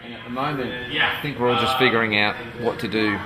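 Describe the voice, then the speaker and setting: A relaxed, chatty man records a video diary about his band's night. His voice sits at an ordinary pitch. Loud music plays behind him the whole time. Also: fast talker. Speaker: touring band member. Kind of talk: casual video diary to camera.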